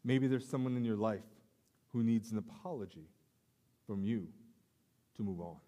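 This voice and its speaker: A male pastor preaching a sermon in a casual, storytelling way with self-deprecating asides and halting restarts. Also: on the low side, dark tone. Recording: long hall reverb.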